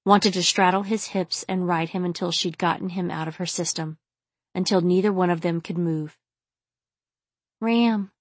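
A woman narrating a novel in a steady, intimate storytelling manner. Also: lowish voice, moderate pace, no room sound. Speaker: audiobook narrator. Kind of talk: scripted audiobook narration.

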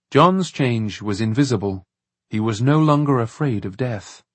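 A man narrates an audiobook from a script, reading in a measured, even way. His voice is mid-range and the recording is dry.

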